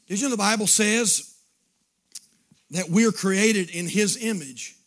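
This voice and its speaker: A man pastor, preaching a sermon that swings from shouted fervor to hushed pleading in an altar call. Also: high voice, a little slow.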